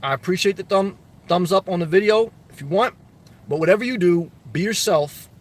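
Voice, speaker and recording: A man's voice: high voice, expressive, fast talker, no room sound. A middle-aged man hosting a live stream, reading viewer comments aloud and giving blunt, loose advice in casual chat full of fillers and restarts.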